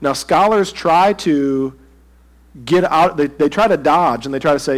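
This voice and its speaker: A man's voice: fairly high pitch, normal speed. A pastor preaching a sermon to his congregation in a conversational way, asking them direct questions.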